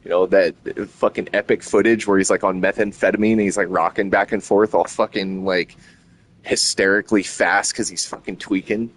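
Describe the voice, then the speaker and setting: A low-pitched man chats casually on a stream. He rambles and swears freely, his talk running hot with excitement. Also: normal speed, a little hiss or hum. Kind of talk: casual chat.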